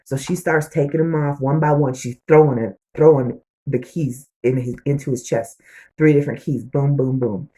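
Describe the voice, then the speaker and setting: Husky-voiced woman recapping a TV episode. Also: extremely low pitch, normal speed. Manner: animated storytelling with slang and asides. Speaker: TV show reviewer.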